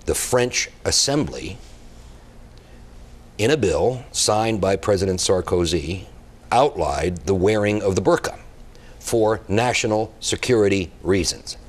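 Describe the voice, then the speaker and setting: A man with a very deep voice argues his point on a talk show. He is blunt and emphatic and clearly impassioned. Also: lively intonation, unhurried. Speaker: guest expert.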